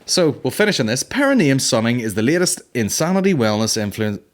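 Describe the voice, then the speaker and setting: A man hosting a comedy podcast in a casual monologue, rambling, swearing freely and laughing at his own jokes. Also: fairly low pitch. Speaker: podcast host.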